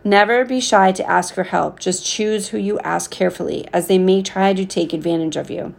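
A woman reading a caring, firm father's lines as he calmly advises his young son. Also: fairly low pitch, normal speed, creaky. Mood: advising. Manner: calm, steady advice.

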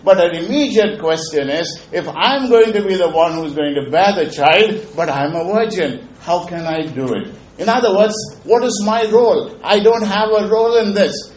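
A man's voice: sits high, normal speed, hardly any pauses, a little hiss or hum. Earnest male preacher in an echoey room. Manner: earnest, repeats key phrases. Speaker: pastor. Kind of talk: sermon.

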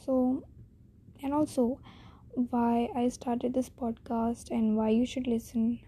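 A teenage girl with an Indian accent hosts her own casual solo podcast, rambling shyly and self-deprecatingly with many restarts. Her voice sits on the high side with little pitch movement. She speaks slowly, in a dark tone with a breathy edge.

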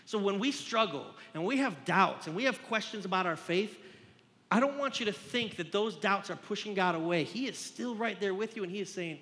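A man with a high, bright voice preaches an earnest, conversational sermon, speaking plainly to his listeners like a pastor walking them through a passage. His voice rings out with a long hall reverb trailing behind each phrase. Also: lively intonation, moderate pace.

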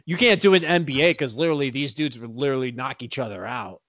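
A man co-hosting a casual sports podcast, laid-back and joking, often trailing off quietly. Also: mid-range voice, fast talker, no room sound. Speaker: podcast co-host.

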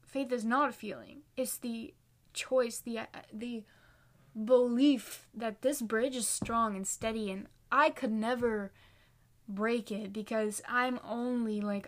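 Chatty earnest teenage girl, slightly high. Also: steady tone, slow, a bit bright. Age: late teens. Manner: chatty, many "like" fillers, self-correcting, earnest. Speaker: faith encouragement vlogger. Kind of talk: casual devotional chat with scripture reading.

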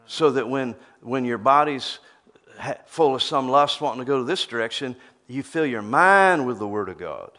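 A man's voice: medium pitch, expressive, normal speed, pushed and bright. Male preacher, emphatic sermon delivery, mid-range voice. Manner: emphatic, repeats words when starting phrases.

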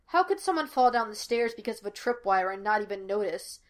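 A woman's voice: medium pitch, lively intonation, brisk, natural voice. Jumpy, skeptical young guy sidekick, protesting everything, read by a woman. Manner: anxious, protesting, dry.

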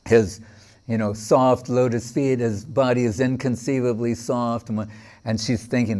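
A man's voice: mid-range voice, steady tone, a little slow, darkish tone. A man giving a devotional lecture, telling stories with quoted dialogue and frequent fillers. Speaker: spiritual teacher.

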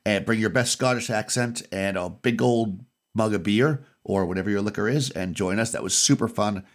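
A man's voice: fairly low pitch, moderate pace. A man co-hosting a podcast in casual chat, rambling and correcting himself as he recounts the games he ran. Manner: rambling, self-correcting storyteller. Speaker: podcast co-host and game master.

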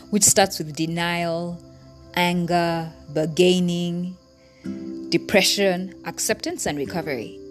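A woman hosts a podcast in a rather low voice, talking earnestly and from the heart. She speaks straight to her listeners in a reflective personal monologue, with faint music playing under her words. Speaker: podcast host.

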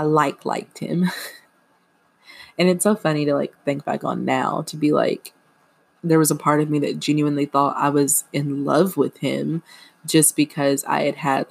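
A woman's voice: low-pitched, vocal fry, darkish tone. A young woman hosting a podcast, chatting casually and self-deprecatingly with lots of fillers. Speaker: podcast host. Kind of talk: casual confessional chat.

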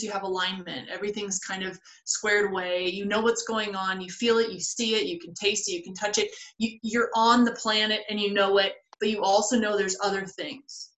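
A woman's voice: mid-range voice, a bit bright. Woman cohost explaining spiritual stuff step by step, roomy echo on her mic. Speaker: podcast co-host. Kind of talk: casual spiritual podcast chat. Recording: roomy echoey audio.

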